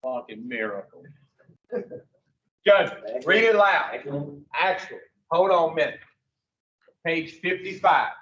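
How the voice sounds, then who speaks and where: Guy running a recovery class, high voice, slow, swears and quizzes the room, sounds far off in an echoey room. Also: lively intonation, sharp tone. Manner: blunt, profane, quizzes the group. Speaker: addiction recovery group leader. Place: room with a group. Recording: roomy, distant, dull lo-fi.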